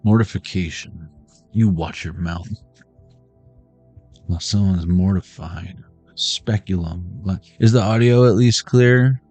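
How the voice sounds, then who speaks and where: A man's voice: low voice, takes it slowly, pauses often, a little mellow, soft background music. A middle-aged man giving a casual, joking card reading to his viewers, riffing on pop-culture references as he goes. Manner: playful, riffing jokes and pop-culture asides. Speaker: card reader streaming to viewers.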